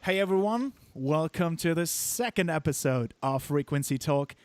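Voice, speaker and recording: A man's voice: on the high side, animated, normal speed, no echo. A man from Germany hosting a casual live-stream chat, laughing often and stumbling over his words. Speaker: host.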